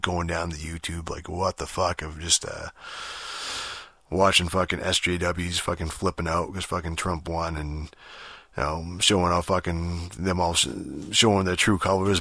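Deep-voiced man ranting on a podcast. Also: bright, forceful tone, dry recording. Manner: rambling, profane, full of fillers and restarts. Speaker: podcast host. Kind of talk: casual solo podcast rant.

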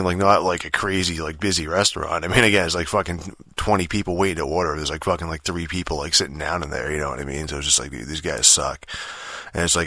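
Young guy, low forceful voice, dry close sound; profane, filler-heavy, exasperated storyteller. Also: no echo. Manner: rambling and profane, full of fillers; exasperated and annoyed. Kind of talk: casual rant telling a story.

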